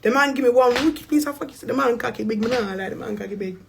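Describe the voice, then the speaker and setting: A young woman from England with a London accent tells a story on a livestream as an influencer, bluntly, profanely and with lots of slang. Her voice is a little high, fast and creaky, she's animated with bursts of laughter, and there's background noise.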